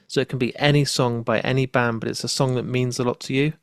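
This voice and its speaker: A podcast host chats casually with a guest in a laid-back interview, swearing freely as he goes. His voice is medium-pitched, steady, fast and creaky, recorded with studio quality and no echo.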